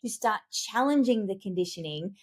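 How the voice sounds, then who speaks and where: A woman speaking as a communications expert and executive coach in a podcast interview, telling stories in an animated, emphatic way with big leaps in pitch. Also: normal speed. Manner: animated, emphatic storytelling with wide pitch jumps.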